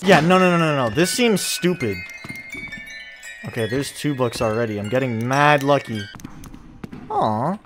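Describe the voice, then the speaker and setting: Young male horror gamer, high and animated, slow delivery between loud panicked outbursts. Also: noisy background. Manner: jumpy, loud swearing, yelps and nervous laughter. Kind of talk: horror game commentary.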